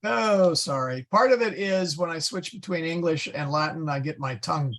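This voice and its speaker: A man teaching a Latin class, slowly going through verb forms and correcting his own slips. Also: fairly high pitch, fairly bright tone. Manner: slow, patient, stumbles and self-corrects; spells out Latin forms one by one. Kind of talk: classroom lesson.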